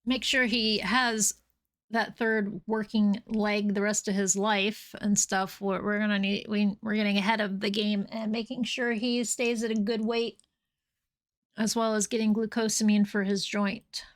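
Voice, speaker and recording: A woman's voice: medium pitch, flat delivery, measured pace. A woman streaming a game live, chatting casually and breaking off to scold and coo at her cats.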